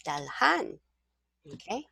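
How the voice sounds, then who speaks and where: Slow, patient woman tutor. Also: medium pitch, sing-song, gravelly, sharp tone, breathy edge, dry recording. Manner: patient, explains step by step. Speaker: language tutor. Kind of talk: one-on-one language lesson. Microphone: video call.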